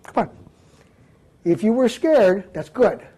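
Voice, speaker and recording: A man's voice: high-pitched, takes it slowly, slightly rough, rough recording. An older man, a former police officer, giving a blunt, folksy, comedic talk to young offenders. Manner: animated storyteller, blunt, folksy. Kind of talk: comedic talk to a live group.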